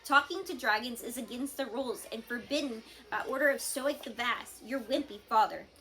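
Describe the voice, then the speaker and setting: A woman voicing a sneering bully boy who taunts loudly in a storybook read-aloud. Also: fairly high pitch, normal speed.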